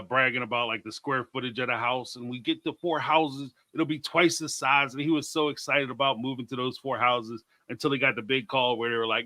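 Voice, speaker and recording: A man's voice: mid-range voice, bright, forceful tone, no echo. A man from Atlanta, hosting a casual chat and reading viewer comments. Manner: chatty, laughs often, reads viewer comments aloud. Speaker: host.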